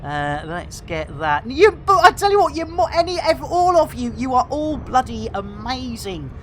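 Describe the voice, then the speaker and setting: A woman's voice: high-pitched, big pitch swings, moderate pace, a little hiss or hum. Exuberant woman in her fifties. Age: 50s. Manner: exuberant, bursts into shouts and banter, catchphrase-heavy. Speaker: game streamer. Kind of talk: live game stream chat.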